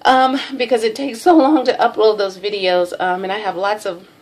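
A woman's voice: medium pitch, steady tone, moderate pace. A middle-aged woman with a Texan drawl casually showing off a craft package, chatty and self-deprecating, with lots of ums. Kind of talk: casual show-and-tell.

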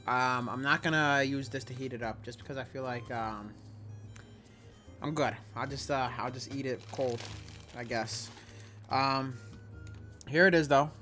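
A man's voice: mid-range voice, steady tone, unhurried, long pauses, bright, forceful tone, faint music behind. A young man reviewing food on his home vlog, casual and slangy, with big exaggerated reactions, recorded on a camera at home. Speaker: food-tasting vlogger. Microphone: camera or phone.

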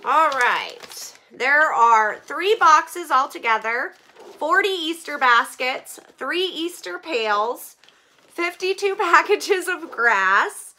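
A woman's voice: high voice, bright, forceful tone. A woman vlogging as she opens donations, chatty with many fillers and near tears with gratitude. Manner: emotional, near tears, laughing through it. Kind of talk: casual vlog chat.

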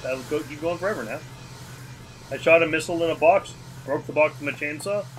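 A man's voice: a little high, a little fast. A man playing a video game and chatting casually, dry and swearing as he narrates his play. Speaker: player in a let's play. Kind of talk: casual gaming chat. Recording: noisy game audio behind.

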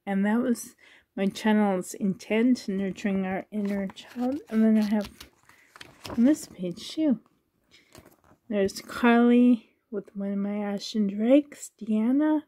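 A woman's voice: mid-range voice, slow, mellow. A woman in her thirties talking casually on her vlog, sensitive and near tears, laughing nervously as she speaks. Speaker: reborn doll collector and YouTuber.

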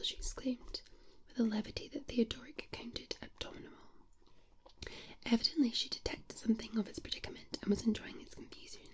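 A Scottish woman reads a story in a slow, unvoiced ASMR whisper. Her breathy voice stays fairly high and very close. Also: steady tone.

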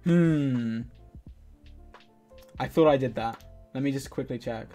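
A man's voice: medium pitch, takes it slowly, dark tone. Chatty streamer man over faint music. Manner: chatty and scattered, laughs often, thanks viewers. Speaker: live streamer. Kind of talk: casual live-stream chat while gaming. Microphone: desk microphone. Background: faint game music.

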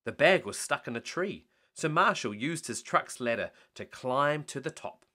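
Male storyteller, bedtime read-aloud, bright and animated. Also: medium pitch, moderate pace. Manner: animated reading.

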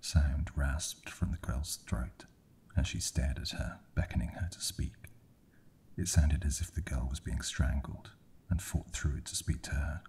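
A man whispering a bedtime horror story in a slow, hushed ASMR reading. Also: rumbling low, creaky.

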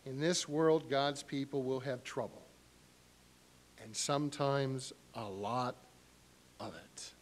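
A middle-aged male pastor preaching a sermon in an animated way, acting out voices with sharp rises in pitch. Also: slow, long pauses, a little hiss or hum.

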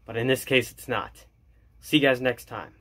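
A man vlogging as an excited hockey fan, gushing and jokey, repeating his lines. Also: medium pitch, normal speed. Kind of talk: excited fan commentary to camera.

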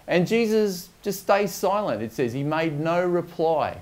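A man's voice: fairly high pitch, animated, unhurried, hardly any pauses. Man preaching a reflective sermon. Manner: reflective, with fillers and restarts.

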